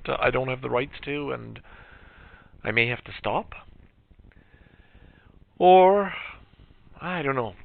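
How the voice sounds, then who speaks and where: A man's voice: medium pitch, vocal fry, no room sound. A middle-aged man hosting a podcast, talking in a casual, reflective, rambling way with frequent fillers. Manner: reflective, chatty, trailing off with fillers. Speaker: podcast host. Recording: lo-fi phone-like sound.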